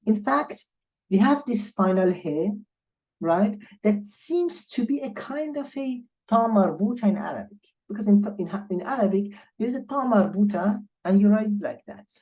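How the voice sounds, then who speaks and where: A woman language tutor giving an online lecture, explaining patiently and slowly repeating example words for learners. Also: medium pitch, animated, a little mellow, low-quality recording.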